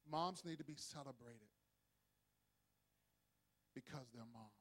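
A man preaching a sermon as pastor, leading the congregation in call-and-response and swelling to shouts. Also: medium pitch, slow.

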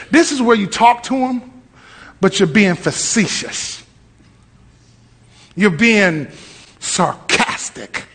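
A man's voice: sits high, fairly bright tone, slightly rough. A male pastor preaching a sermon with humor, repeating phrases for emphasis.

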